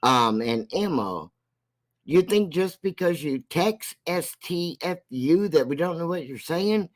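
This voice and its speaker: Guy doing a chatty livestream, real slow and drawn out, keeps repeating himself. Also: a little high, lively intonation. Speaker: livestream host; military veteran. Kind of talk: casual livestream commentary.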